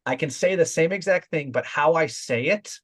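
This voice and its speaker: A man giving a sales training talk, direct and confident, acting out quick example lines to show voice tone. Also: a little high, breathy edge. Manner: direct, demonstrates voice tones in quoted examples.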